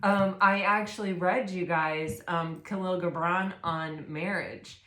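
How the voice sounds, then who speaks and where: An excitable woman reads tarot cards for her viewers, gushing and breaking into exclamations as she goes. Her voice sits fairly low, and the room around her rings with echo. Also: takes it slowly. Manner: gushing, excitable, lots of fillers and "oh my gosh". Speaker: tarot reader. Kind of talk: casual tarot reading to camera.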